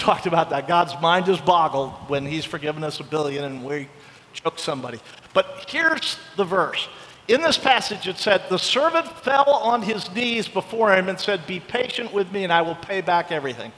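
Bright-voiced preacher man in a reverberant hall. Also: high voice, moderate pace. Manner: animated, acts out quoted voices. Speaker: pastor. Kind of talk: sermon.

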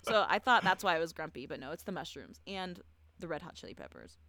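A woman's voice: on the low side, expressive, fast talker, sharp tone, dry recording. Chatty, foul-mouthed woman, dry sound. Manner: chatty, profane storyteller with frequent laughs and filler "like". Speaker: podcast co-host. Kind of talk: casual chat.

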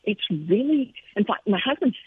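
An interview guest, the middle-aged Scottish Christian author and speaker tells heartfelt, reflective stories of her faith. Her mid-range voice is very animated and breathy at normal speed, with no echo, carried over a tinny phone line.

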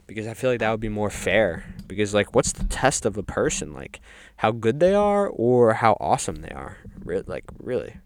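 A man delivering a rambling, deadpan comedic monologue as a resident of hell, full of ums and offhand asides. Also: fairly low pitch, normal speed, hardly any pauses, slight background noise. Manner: rambling, deadpan, filler-heavy with frequent ums. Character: resident of hell describing its games. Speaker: comedic podcast host.

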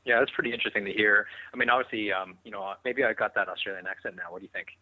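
A man hosting a podcast, asking halting questions full of fillers. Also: fairly low pitch, fairly even intonation, dry recording. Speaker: podcast host. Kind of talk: casual podcast interview. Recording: dull, dry sound.

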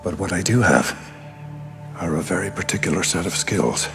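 An actor playing a calm, menacing man with deadly skills, speaking in a quiet, slow, cold way. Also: low voice, music in the background. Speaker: film actor. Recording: film clip played through hall speakers.

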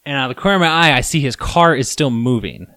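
Male podcast host, bright and forceful tone, dry close sound, animated storyteller. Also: mid-range voice, fast talker, no echo. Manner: animated storyteller, acts out his own yelling. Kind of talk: casual podcast chat.

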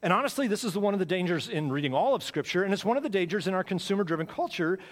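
A man's voice: high-pitched, animated, racing. Man preaching in a reverberant hall. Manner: conversational preaching with repeated phrases and dramatic swings in volume. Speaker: pastor. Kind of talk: sermon. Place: church sanctuary.

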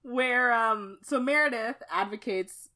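A woman's voice: a little high, slow, bright, forceful tone. A woman co-hosting a podcast, chatting casually about a TV show, laughing often and swearing now and then. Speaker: podcast co-host.

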